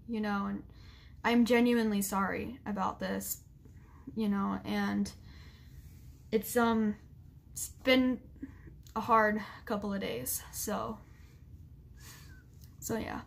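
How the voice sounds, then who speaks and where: A young woman vlogger talking straight to camera, halting and full of fillers as she fights back tears. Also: mid-range voice, steady tone, gravelly. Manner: halting, with many fillers and restarts. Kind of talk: emotional apology vlog.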